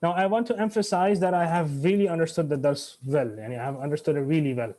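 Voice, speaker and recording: A man's voice: a little high, quick pace, mellow. A man teaching Arabic grammar in an online class, switching between English and Arabic, restarting phrases and quizzing his students.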